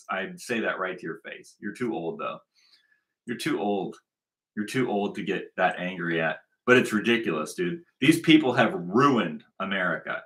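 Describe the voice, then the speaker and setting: A man's voice: lowish voice, a bit bright. A man hosting a commentary show, ranting angrily and profanely, often repeating himself as he talks over played clips. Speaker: commentary host.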